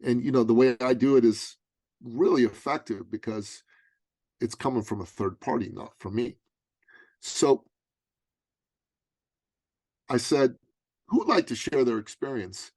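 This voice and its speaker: A middle-aged man guesting on an interview, telling a personal story with lively, dramatic emphasis. His voice sits in an ordinary middle register, recorded close with no room sound. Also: medium pitch, unhurried, long pauses, no room sound. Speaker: guest, business coach.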